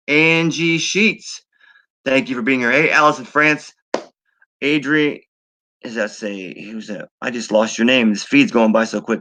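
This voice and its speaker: A man with a bright, forward voice hosts a recovery livestream, talking straight to his viewers. He encourages them over and over and reads names off a fast-moving chat, stumbling now and then as he goes. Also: medium pitch. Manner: warm, repetitive, encouraging, reading names off a fast chat feed. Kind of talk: heartfelt livestream sign-off and shout-outs.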